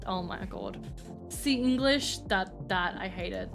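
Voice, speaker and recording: A woman's voice: medium pitch, takes it slowly, gravelly, soft background music. A young woman streamer chatting casually while she plays a visual novel, giggly and self-deprecating as she rambles. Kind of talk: casual gaming commentary.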